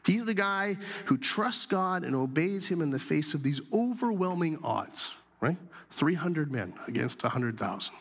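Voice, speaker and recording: A man gives a sermon in a relaxed, chatty manner, breaking into quoted voices as he tells the story. His voice sits a little high for a man. A long reverb trails off behind him, the sound of a large church hall. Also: measured pace, husky. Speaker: pastor.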